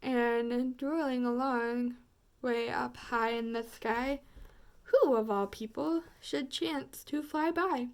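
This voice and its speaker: A woman storyteller reading a rhyming picture book aloud, expressive and rhythmic. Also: on the high side, slow pace, clean tone.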